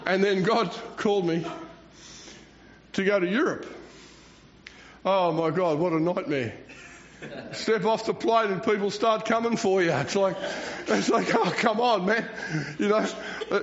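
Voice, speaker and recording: Older man, pastor, high-pitched voice, rambling self-mocking sermon, muffled lo-fi sound. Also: a little slow, long pauses. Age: 60s. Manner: rambling, self-mocking, chuckles between phrases. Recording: dull lo-fi recording.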